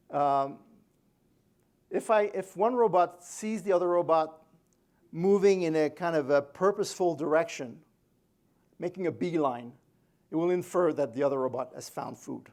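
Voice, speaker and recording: A man's voice: fairly high pitch, moderate pace, pauses often, darkish tone. A man giving a technical conference talk to an audience, hesitant and good-humored, with many fillers and restarts. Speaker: conference speaker. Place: conference room.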